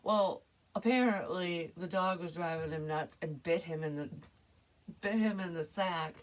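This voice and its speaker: A woman with a somewhat low voice rambles loosely through a psychic reading, swearing freely and breaking into laughter. She sits a little back from the microphone, so her voice sounds slightly distant. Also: unhurried. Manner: rambling, profane, laughs often. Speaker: psychic medium doing card readings. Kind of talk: casual reading chat.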